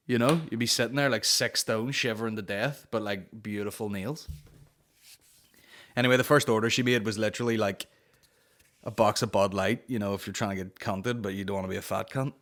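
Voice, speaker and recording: Speaking a little fast in a lowish, fairly bright voice with fairly even intonation, a man in his thirties rambles through his solo comedy podcast. He swears often and cuts himself off.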